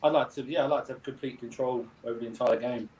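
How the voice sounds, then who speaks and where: A man's voice: mid-range voice, fairly even intonation, fast, darkish tone, poor audio. A man co-hosting a casual football watchalong, easygoing and agreeable, often chiming in with "yeah". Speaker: co-host of a watchalong.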